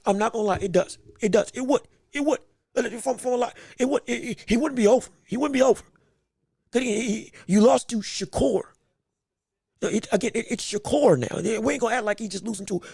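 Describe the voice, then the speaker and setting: High-pitched man, gravelly, excitable podcast host, rambling, dry close sound. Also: no echo. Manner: excitable, rambling, repeats words, reads chat aloud. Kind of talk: casual livestream commentary.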